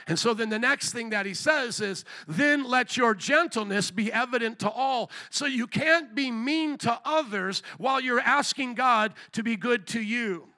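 A man's voice: very high-pitched, sharp tone. A man preaching a sermon at a church service, fervent and repetitive, with rhetorical questions. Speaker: pastor.

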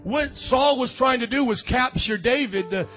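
A man preaching a lively charismatic sermon, with loud excited bursts and quiet musing asides. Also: moderate pace. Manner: excitable, loud outbursts, then drops low to muse. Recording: dull lo-fi church recording with faint music.

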